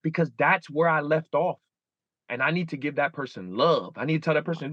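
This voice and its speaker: Guest, man in his 30s, candid and animated, higher voice, dry muffled recording. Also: fast talker, no echo. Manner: animated, acts out inner dialogue with shifting pitch. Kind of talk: candid interview talk.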